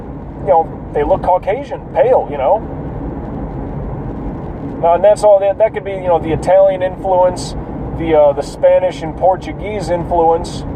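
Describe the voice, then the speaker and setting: Man, high voice, casual profane vlog ramble, noisy car recording. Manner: rambling, profane, many fillers. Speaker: vlogger.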